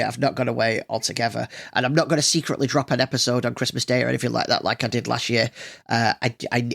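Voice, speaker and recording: A man's voice: mid-range voice, vocal fry, a bit bright. A man hosting a solo podcast, chatting casually and rambling with plenty of fillers and restarts. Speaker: podcast host.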